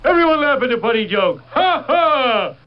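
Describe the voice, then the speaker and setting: A man's voice: very high-pitched, very animated, moderate pace. A man voicing a sarcastic soundboard announcer with a mocking, sing-song delivery. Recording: dull lo-fi clip.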